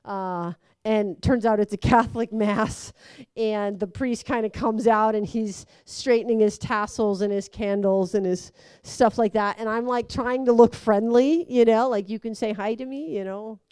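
A woman's voice: on the high side, unhurried, smooth, dry recording. A young woman animatedly telling a personal story, acting out voices and laughing along. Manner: lively, acts out quoted voices, laughs through it.

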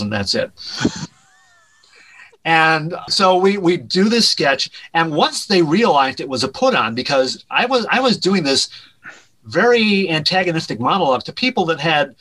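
A man with a fairly high, bright voice tells a wild backstage story as an interview guest. He is animated and lets his voice drop low at each punchline. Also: moderate pace, poor audio. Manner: animated anecdote-telling, drops pitch at punchlines. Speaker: guest, director and writer.

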